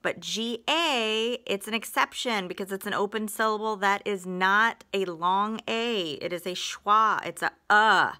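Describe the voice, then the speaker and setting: A woman walks through phonics lessons at an unhurried pace. Her voice is bright and a little forceful, and she draws out every example word and sentence with patient care. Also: mid-range voice. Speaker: phonics teacher.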